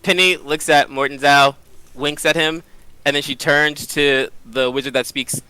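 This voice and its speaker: A man's voice: fairly high pitch, steady tone, measured pace, pushed and bright, clean tone, dry recording, rough recording. A man playing a tabletop role-playing game, chatty and a bit hesitant. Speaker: player.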